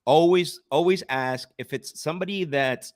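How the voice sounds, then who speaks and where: A man's voice: a little high, moderate pace, dry recording, studio quality. A man coaching sales on a live stream, making cold calls and explaining them in an assertive teaching tone, often restarting his sentences.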